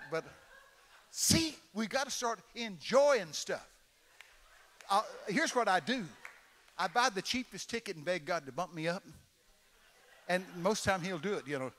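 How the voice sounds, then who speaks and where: A man, telling folksy stories in an animated sermon, sometimes shouting quoted lines. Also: sits high. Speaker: guest preacher. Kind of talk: storytelling sermon. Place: large church hall. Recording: long reverb of a large hall.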